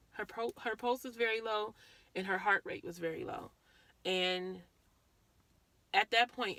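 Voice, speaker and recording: A woman speaks straight into the camera in a bright, clear voice and relives a hard family moment in an earnest, repetitive way. The sound is close and dry. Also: lowish voice, no room sound. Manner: earnest, repeats herself, acts out quotes. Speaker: vlogger. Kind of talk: emotional personal storytelling.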